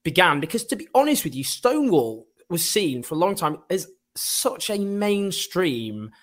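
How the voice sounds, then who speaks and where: Man, interview host, lively pitch, rambling questions, casual fillers. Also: moderate pace. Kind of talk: conversational interview.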